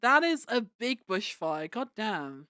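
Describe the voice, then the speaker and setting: Giggly high-voiced woman streaming. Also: sing-song, slow, pushed and bright, no echo, studio quality. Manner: giggly, repeats words and restarts often. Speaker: livestreamer. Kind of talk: casual chat with viewers. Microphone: desk microphone.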